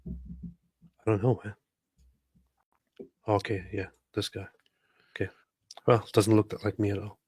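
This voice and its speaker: A man with a fairly low voice jokes his way through a casual livestream, reading out viewer comments and laughing often. The sound is close and dry, with no room around it. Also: flat delivery, unhurried, long pauses, darkish tone, breathy edge, no room sound. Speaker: livestream co-host.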